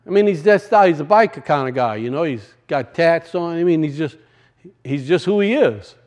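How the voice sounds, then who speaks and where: A man preaching a sermon and telling a personal story, swinging from loud bursts to hushed, quiet lines. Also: a little high, animated, fairly quick, highs cut off. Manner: rises loud then drops to hushed, storytelling.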